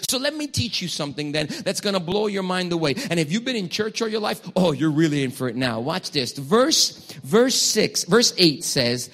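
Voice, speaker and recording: A male pastor preaches with an animated delivery and slips into other voices to act out dialogue. His voice is husky and sits somewhat high for a man. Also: normal speed, few pauses. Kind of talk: sermon.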